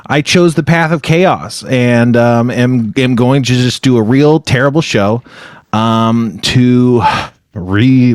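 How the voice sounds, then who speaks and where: A man's voice: medium pitch, dry recording, clean studio sound. A man co-hosting a podcast over a video call, rambling and self-deprecating in casual chat. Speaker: podcast co-host.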